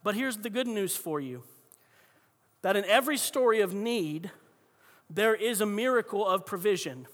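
A man preaching a sermon with a high, bright, forceful voice. He tells stories conversationally and keeps restarting his sentences. A long hall reverb hangs behind every phrase. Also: expressive, moderate pace, long pauses. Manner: conversational storytelling with frequent restarts. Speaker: pastor.

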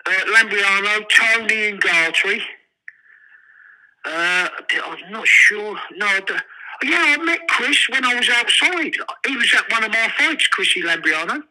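An older man, telling profane, animated prison stories in an interview. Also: high-pitched, measured pace, poor audio. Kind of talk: storytelling.

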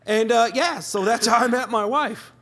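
A man's voice: very high-pitched, moderate pace, gravelly, fairly bright tone. A man who runs a collectibles shop, telling profane, joking stories as a podcast guest and laughing often. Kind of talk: casual podcast chat.

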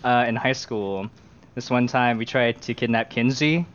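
A man's voice: medium pitch, a little slow, fairly bright tone. A man on a podcast telling rambling anecdotes in casual chat. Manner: rambling anecdotes with acted quotes. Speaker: podcast co-host. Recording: dull lo-fi audio.

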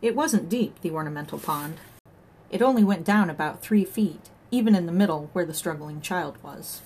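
A woman reads an audiobook aloud in scripted narration, telling the story in a measured, wry way. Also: on the low side, expressive, a little mellow, breathy edge.

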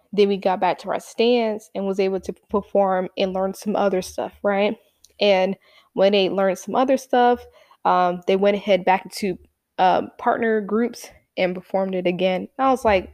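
A woman's voice: mid-range voice, darkish tone, no room sound. A woman casually telling a personal story in a chatty, rambling way, acting out what people said. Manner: chatty, rambling, acts out quotes.

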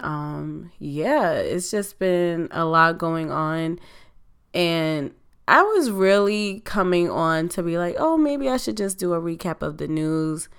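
A woman hosting a podcast in casual chat, her voice slightly hoarse and still recovering, speaking in a conversational, reflective way. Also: sits low. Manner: conversational, reflective, drawn-out delivery. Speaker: podcast host.

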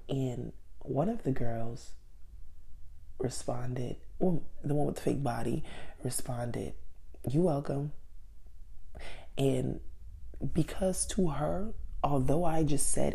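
A woman telling a personal story in a candid, animated way, acting out the voices of the people in it. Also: extremely low pitch, measured pace, gravelly, slightly rough.

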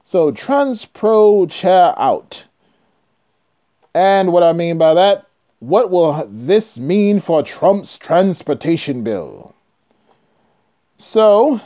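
A man's voice: high voice, lively intonation, slow, mellow. A man hosting a trucking channel, reading news stories aloud and breaking off into blunt, profane rants. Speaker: trucking video host. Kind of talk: casual commentary on news. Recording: dull lo-fi sound.

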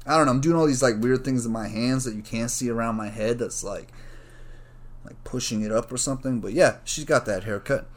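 A man hosting a solo podcast, rambling casually and thinking out loud, with plenty of swearing and filler words. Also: medium pitch, brisk. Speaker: podcast host.

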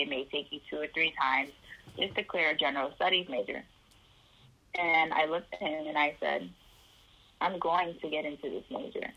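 Low husky woman telling her story. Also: muffled recording. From Chicago area. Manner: animated, acts out the voices of people in her story. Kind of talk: personal storytelling in an interview.

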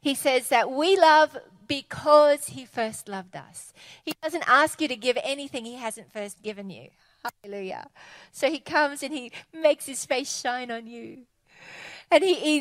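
High-voiced woman preaching. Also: normal speed, no echo. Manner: animated, conversational, enthusiastic. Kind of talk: sermon.

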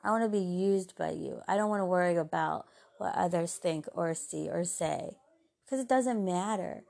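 A woman hosting a podcast, giving an earnest, heartfelt, faith-based talk of encouragement that often softens into gentle asides. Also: lowish voice, moderate pace, vocal fry. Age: adult mother. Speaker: podcast host.

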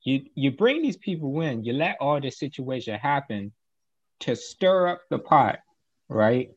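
A man with a mid-range voice, talking through events one point at a time in a measured, conversational way. The audio is a little dull and muffled. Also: mid-range voice, big pitch swings, breathy edge. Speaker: podcast co-host. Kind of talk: casual commentary.

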